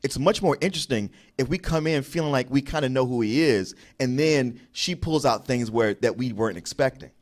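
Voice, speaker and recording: A man co-hosts a casual film review. His pitch moves around a lot as he talks. He builds his argument in a measured way and stops now and then to find his words. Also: lively intonation. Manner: reasoned, measured critique with some hesitations. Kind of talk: casual movie review banter.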